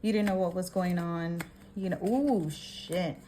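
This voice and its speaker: A woman's voice: lowish voice, unhurried, slight background noise. Emphatic woman doing a tarot reading. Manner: animated, emphatic, swears and laughs often; keeps checking in with "okay?". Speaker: tarot reader. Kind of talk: casual tarot reading to camera.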